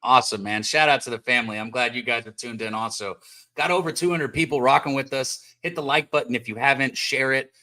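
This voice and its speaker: A man runs a live sports betting stream with a bright, forceful voice. He talks casually and with plenty of hype, giving shout-outs and throwing questions to his guests at a middling pitch. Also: fast talker. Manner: hyped, hands out shout-outs. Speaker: host of a betting show.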